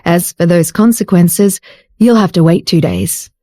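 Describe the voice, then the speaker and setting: Woman voicing a confident teasing husband, lower voice, patient, mellow, dry. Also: brisk, dry recording. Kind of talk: audiobook character voice.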